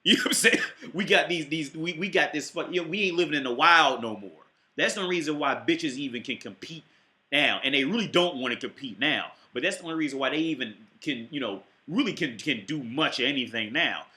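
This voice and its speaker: A man's voice: fairly high pitch, expressive, fairly quick, bright, forceful tone. Heated, rambling, profane male ranter. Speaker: channel host reacting to a clip. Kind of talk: profane reaction rant.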